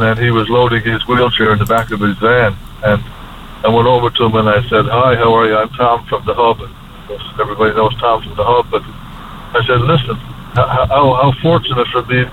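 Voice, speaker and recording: A man speaks over a tinny phone line, choked up and halting, restarting his words again and again. A faint hiss sits under the call. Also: mid-range voice. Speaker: caller to a radio show. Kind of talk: emotional call-in talk.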